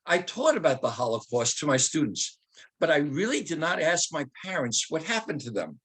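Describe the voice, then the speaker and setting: A man in his seventies tells his life story at a talk, mixing jokes with slow, weighty dramatic readings. His voice sits on the higher side for a man. He speaks as a seasoned former teacher. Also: big pitch swings, a bit bright, husky. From Germany. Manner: humorous, anecdotal, slows to dramatic recitation.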